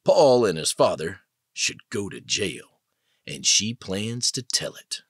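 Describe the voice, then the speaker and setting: A man narrating an audiobook in a dramatic, expressive way. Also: on the low side, slow, breathy edge, dry recording, studio quality. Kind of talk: scripted narration.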